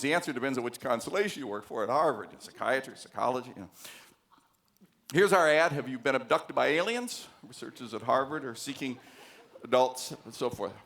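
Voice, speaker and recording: A man's voice: medium pitch, a bit bright. An American man giving a university lecture on psychology, telling anecdotes with many fillers and acting out the voices he quotes. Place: large lecture hall.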